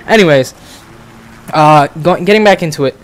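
A man's voice: fairly high pitch, normal speed, slight background noise. A young man from the Bronx telling a story casually, rambling and profane, full of fillers and restarts. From the Bronx, New York. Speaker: vlogger, channel host.

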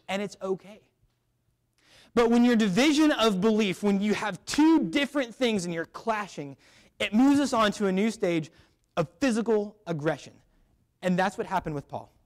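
A young man giving a chapel sermon at a school, telling a funny personal story before turning to a Bible passage. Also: sits high. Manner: lively, joking storyteller. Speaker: chapel speaker.

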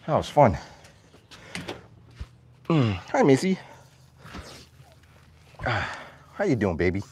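A man livestreaming from his farm, chatting with viewers and calling to his animals in a high voice, a little out of breath. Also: a little hiss or hum. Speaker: vlogger, farm owner. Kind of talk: casual livestream vlog. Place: outdoors on a farm.

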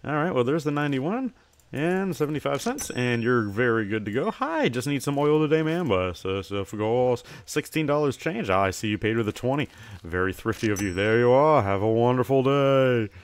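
A man's voice: medium pitch, sing-song, a little fast. A young man giving casual gameplay commentary, chatting to himself and breaking into playful, chirpy shopkeeper greetings to customers. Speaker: gamer.

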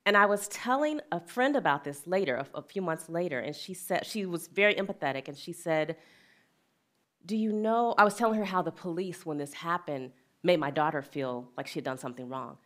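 A middle-aged woman with a slightly low voice talks reflectively as a wellness and equity speaker. Her manner is earnest and plain-spoken, and she moves into personal storytelling with an easy laugh. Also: animated, a little fast.

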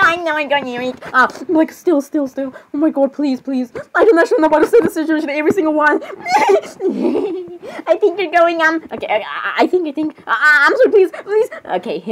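Giggly high-voiced young woman role-playing. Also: big pitch swings, fairly quick, few pauses, a little hiss or hum. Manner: giggly, flustered, many apologies and fillers. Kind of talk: comedic role-play reacting to clips.

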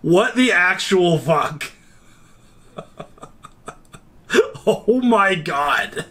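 A man's voice: sits high, very slow. A man co-hosting a movie reaction, exclaiming and laughing at the action on screen. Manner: animated exclamations, easy laughter. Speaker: co-host of a movie reaction channel. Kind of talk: casual movie reaction commentary. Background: film soundtrack playing.

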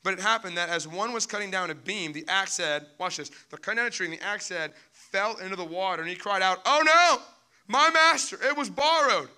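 A young pastor delivers a sermon in an animated, storytelling style, voicing the people in his stories with squeaky, panicked tones. He talks fast, and the recording is clean.

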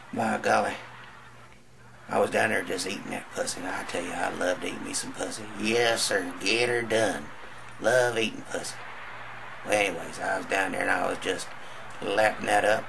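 A man's voice: on the low side, vocal fry, noisy background. A man telling a crude stand-up story in a drawling country manner, acting out other voices. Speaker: comedian.

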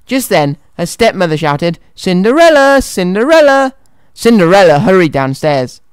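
A man's voice: fairly high pitch, expressive, moderate pace, clear, resonant tone, no echo. A man presenting a children's radio show and reading a story aloud in a cheerful, friendly way, in a studio. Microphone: studio microphone.

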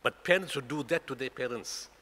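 A man's voice: medium pitch, fairly quick, pushed and bright. A man in his sixties from South Africa with a South African accent, giving a Friday talk at a mosque and pressing the congregation with rhetorical questions. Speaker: guest speaker at a mosque. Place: mosque prayer hall. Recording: echoey hall reverb.

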